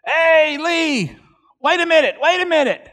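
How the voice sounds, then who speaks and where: A man's voice: very high-pitched, expressive, unhurried, a bit bright, pitched above the performer's own voice, exaggerated voice. A man voicing an old male cowboy who calls out urgently to stop someone.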